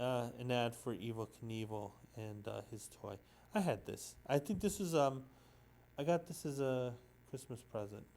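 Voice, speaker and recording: A man talks through an old comic book issue in a loose, unscripted recap. His voice sits at an ordinary middle pitch, and he stops often for ums, repeated words and searches for the right term. He sounds sentimental about the story as he goes. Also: darkish tone. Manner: rambling, hesitant, full of ums and restarts. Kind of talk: casual solo comic recap.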